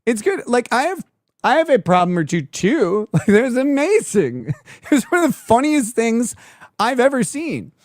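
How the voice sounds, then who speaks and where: Woman streamer reacting live, lots of laughing and swearing, sarcastic, pitch all over, dry sound. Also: very animated, moderate pace, a little mellow, no echo. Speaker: streamer host.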